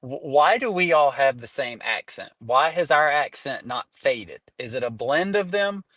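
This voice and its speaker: A man's voice: medium pitch, lively intonation, measured pace, fairly bright tone, no echo. A young man with a Southern American accent, co-hosting a casual podcast, asking curious questions that he often stops and restarts. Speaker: podcast co-host.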